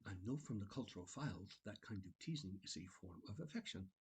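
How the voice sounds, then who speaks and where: A man's voice: fairly low pitch, lively intonation, a little fast, darkish tone, slightly rough, rough recording. A man voicing a formal, literal-minded ship computer that speaks in precise, stiff wording.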